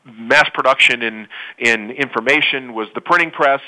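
Halting man with a bright voice. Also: medium pitch, low-quality recording. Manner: halting, many restarts and fillers. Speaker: panel guest, company co-founder. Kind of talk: panel discussion answer.

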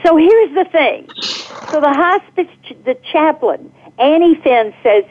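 A middle-aged woman calling in to a radio talk show, telling a personal story with animated energy and laughing as she goes. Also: high-pitched, unhurried. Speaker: caller guest. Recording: tinny phone line.

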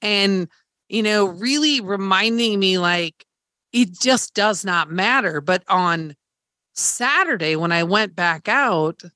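A woman's voice: medium pitch, expressive, slow, pushed and bright, no room sound, clean studio sound. A woman hosting a podcast, candidly retelling a hard experience in casual chat, swearing freely and acting out quoted dialogue. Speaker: podcast host.

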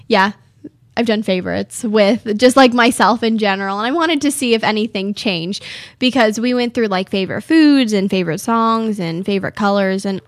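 A woman's voice: mid-range voice, no echo, clean studio sound. A teenage girl from California hosting her own radio show, chatting and rambling with frequent giggles. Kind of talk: casual solo talk show.

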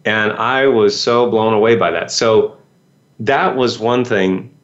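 A man telling a personal story to an audience in a casual, animated way, jumping into the voices of the people he quotes. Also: lowish voice, slow, muffled recording. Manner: animated, acts out quoted voices, many fillers.

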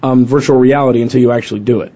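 Fast-talking man with a dark voice. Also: mid-range voice, fairly even intonation. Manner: quick, doubting, argues his point. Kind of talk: casual sports talk radio debate. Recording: dull lo-fi radio sound.

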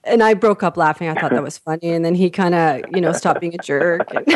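A woman's voice: fairly low pitch, a little fast. A woman from Canada hosting an interview, chatting casually, laughing often and acting out voices in her anecdotes. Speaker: podcast host, interviewer.

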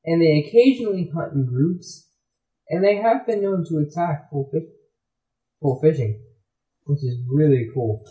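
Male host of a kids' radio show: rambling, casual, fairly high voice with a dull, dark tone, in a roomy-sounding room. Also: lively intonation, a little slow, pauses often. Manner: rambling, loose, full of "like". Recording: roomy echo.

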